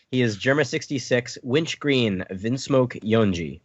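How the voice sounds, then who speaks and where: A man co-hosting a podcast, excitedly recapping a manga chapter and laughing as he reads. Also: mid-range voice, slow pace, husky, no echo, dull audio. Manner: excitable, laughing while reading the story aloud. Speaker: podcast co-host.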